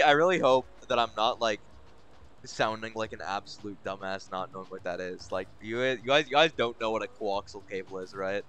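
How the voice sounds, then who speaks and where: Animated young man swearing at a game. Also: medium pitch, clean tone. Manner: swears constantly, bursts into exasperated shouting. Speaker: game streamer. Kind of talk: live gaming commentary.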